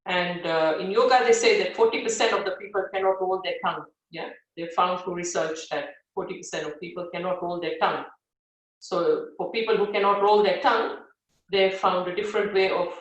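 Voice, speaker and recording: A woman teaching a live yoga class walks through a breathing practice in a lowish voice, moving fairly quickly yet staying gentle and instructive, with frequent fillers and soft "yeah?" check-ins. The mic is set well back, leaving her voice ringing around a very echoey room.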